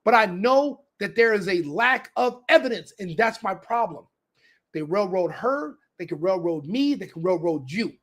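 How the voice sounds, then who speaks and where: A man with a high-pitched voice rants through political commentary on his podcast. He presses the same demands again and again and swears freely. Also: expressive, normal speed, a bit bright. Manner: ranting, repetitive demands, swearing. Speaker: podcast host.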